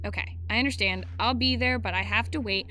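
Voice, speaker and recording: A woman voicing a tired, worried mother rushing to get to work at the hospital, her lines hurried and strained. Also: medium pitch, sharp tone, a little hiss or hum, lightly acted.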